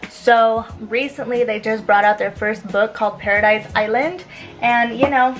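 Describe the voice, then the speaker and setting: A young adult woman telling a story in a casual vlog, chatty and animated, with lots of "like" and "um". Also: a little high, normal speed, soft background music, rough recording. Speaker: lifestyle vlogger.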